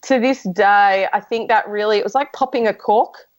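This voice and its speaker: A woman's voice: mid-range voice, moderate pace, muffled recording. A woman speaking as a podcast guest, telling her own story frankly in casual conversation, with many restarts and fillers.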